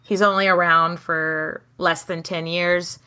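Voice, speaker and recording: A woman co-hosting a casual history podcast, telling the story with lively acted-out quotes and casual swearing. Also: on the low side, slow pace, clean tone. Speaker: podcast co-host.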